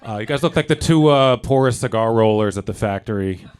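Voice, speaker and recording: A man judging a roast battle with deadpan quips. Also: lowish voice, a little fast, clean tone. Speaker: judge. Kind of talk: judging comedy.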